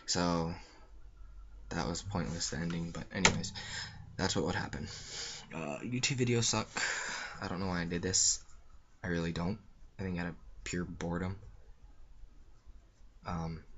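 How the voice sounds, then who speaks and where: Low-voiced young man rambling casually. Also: normal speed, long pauses, sharp tone, dull audio, slight background noise. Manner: rambling, offhand, lots of fillers. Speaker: vlogger. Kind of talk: casual storytelling.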